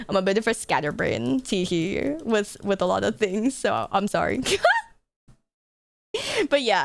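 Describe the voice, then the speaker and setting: A woman's voice: medium pitch, creaky, smooth, no echo. A young woman streaming live, chatting casually and apologetically to her viewers in a rambling way, often breaking into laughs and dramatic yelps. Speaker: VTuber streamer.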